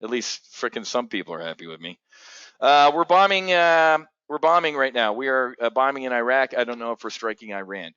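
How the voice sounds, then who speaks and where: A man's voice: mid-range voice, sharp tone, no echo, highs cut off. A man hosting a trading show, talking in blunt, profane, agitated rants full of restarts. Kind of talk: unscripted market commentary.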